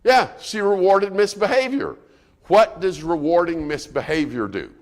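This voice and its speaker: A man's voice: sits high, lively intonation, moderate pace. A man preaching a sermon as guest speaker, conversational and asking the congregation questions. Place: church auditorium. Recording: reverberant church hall.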